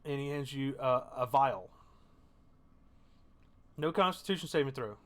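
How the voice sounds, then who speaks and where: A man narrating a tabletop game as game master, rambling and halting with many fillers. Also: medium pitch, animated, fairly bright tone.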